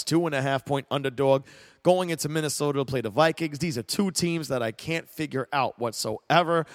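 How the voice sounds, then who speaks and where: A man hosting his own sports podcast, talking in a loose, rambling way with casual swearing. His voice sits a little high for a man and sounds dry and close, with almost no room around it. He gets worked up when he argues a point. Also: no echo. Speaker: podcast host. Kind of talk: solo sports talk podcast.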